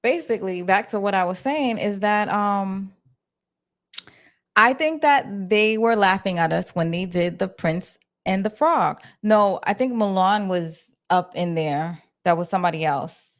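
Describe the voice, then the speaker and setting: A woman's voice: medium pitch, unhurried. A woman from New York with a New York accent, chatting casually on a livestream to her viewers from her office. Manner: chatty, talks to her chat, restarts and fillers. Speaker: livestream host.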